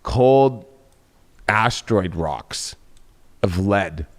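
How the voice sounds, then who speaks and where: A man's voice: fairly low pitch, drawn-out words. A man hosting an astrology talk, brash and profane, smoking a cigarette as he talks. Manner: brash, swears freely, animated. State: smoking a cigarette while talking. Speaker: astrology show host. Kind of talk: casual profane astrology chat.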